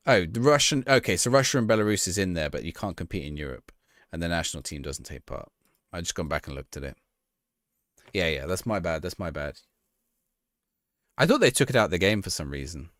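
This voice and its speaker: Low-voiced man streaming a football game. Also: fairly bright tone, no room sound, clean studio sound. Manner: chatty, thinks aloud and reacts to the game, talks to chat. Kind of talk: casual live-stream chat.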